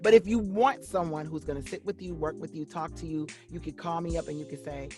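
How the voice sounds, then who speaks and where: A woman's voice: low-pitched, brisk, music in the background. A middle-aged woman, a voice-over actress and coach, talking animatedly in an interview. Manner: animated, acts out quoted voices. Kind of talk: interview conversation.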